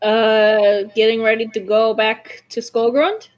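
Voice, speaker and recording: Woman, tabletop player, slightly high voice, chatty, giggly. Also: little pitch movement, slow, highs cut off. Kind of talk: casual tabletop game chat.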